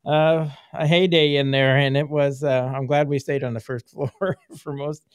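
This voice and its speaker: A man's voice: a little high, little pitch movement, moderate pace, clean tone, no room sound, clean studio sound. A middle-aged man hosting a casual interview, rambling and laughing often as he reminisces. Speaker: podcast host, former filmmaker.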